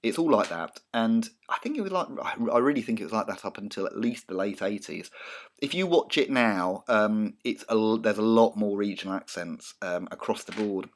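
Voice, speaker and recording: A man with a southern English accent records a casual lecture for his media students. His voice sits a little low, and he talks in a chatty, wandering way, full of ums and self-corrections. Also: animated, moderate pace. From Britain. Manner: chatty and digressive, many ums and restarts. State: slight cough. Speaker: college media teacher. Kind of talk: recorded lecture over slides.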